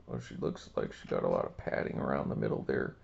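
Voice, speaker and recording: A man putting on a low, folksy old-man voice as a leering character named Bill. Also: expressive, fast, creaky, a little mellow, highs cut off, exaggerated voice.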